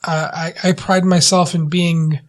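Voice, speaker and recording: A man's voice: a little high, level tone, a little slow. A man co-hosting a casual movie review podcast, earnest and self-deprecating, often restarting his sentences. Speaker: podcast co-host. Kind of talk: casual chat.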